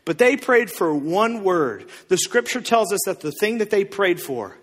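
A man preaching a sermon as pastor, telling the story in a joking, animated way with sudden shouts. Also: high voice, measured pace, long reverb tail.

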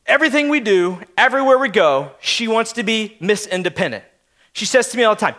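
Speaking a little fast, with lively intonation and a bright, forceful tone, this thirtysomething pastor has a voice that sits high. His sermon unfolds as conversational family storytelling aimed directly at the people listening.

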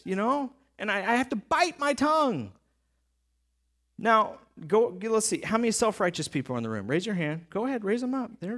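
A male pastor delivers a sermon in a lively, conversational way, talking straight to the people in front of him. His voice sits high for a man and swings widely in pitch, climbing up and dropping low for emphasis. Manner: animated, conversational preaching with frequent asides to the crowd.

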